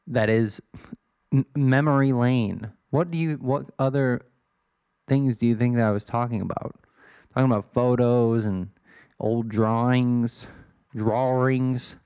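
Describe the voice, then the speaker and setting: A man's voice: mid-range voice, moderate pace, darkish tone, smooth, dry recording, clean studio sound. A man in his twenties from Illinois, rambling through a casual, self-deprecating monologue as a podcast host. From Illinois, USA. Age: 20s. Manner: self-deprecating, swears, wanders off topic.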